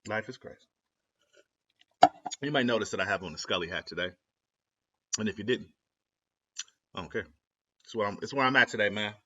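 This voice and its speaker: A man's voice: fairly low pitch, a little fast, long pauses, pushed and bright, breathy edge. A young man from Ohio rambling casually to camera, slangy and self-interrupting, laughing at his own jokes. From Ohio, USA. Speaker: vlogger. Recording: lo-fi dull audio.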